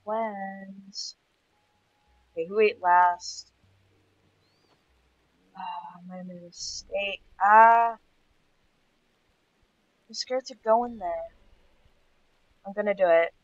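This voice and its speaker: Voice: mid-range voice, steady tone, unhurried, pauses often, dry recording. A gaming host with a stuffy nose, chatting casually through gameplay and getting startled now and then. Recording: dull lo-fi sound.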